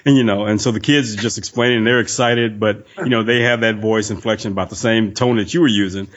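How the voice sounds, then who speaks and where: A man co-hosting a casual podcast chat, chatty and quick to laugh. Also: fairly low pitch, fairly even intonation, dull audio.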